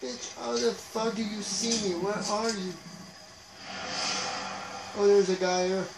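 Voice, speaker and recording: A man giving profane, excitable live commentary over his gameplay, trash-talking the players he beats. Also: sits high, takes it slowly, gravelly. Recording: roomy, noisy home recording.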